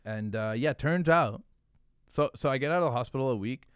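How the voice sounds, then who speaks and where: A podcast guest who founded a hot sauce company tells a rambling, profane story in casual conversation, peppering it with "like." His voice is medium-pitched, smooth, and fairly quick. The recording is dry, with clean studio sound.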